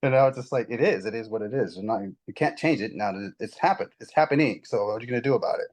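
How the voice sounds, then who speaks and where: A man in casual spiritual conversation, telling his story in a rambling, animated way with many restarts. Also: lowish voice, very fast, rough recording. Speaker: guest.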